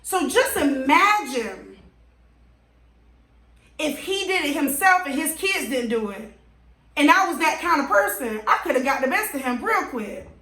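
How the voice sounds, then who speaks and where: A woman vlogger telling an animated, exasperated story to her viewers. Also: sits high, unhurried. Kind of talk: storytime vlog. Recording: roomy echo.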